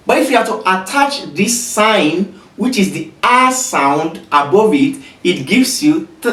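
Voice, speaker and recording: A patient teacher walks beginners through letter sounds at an unhurried pace, saying each sound again and again. The voice moves up and down lively. It is heard from a little distance in an echoey room. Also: mid-range voice. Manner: patient, repeats each sound many times. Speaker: Arabic teacher. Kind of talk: slow beginner lesson with repeated sounds. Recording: roomy echo, voice away from mic.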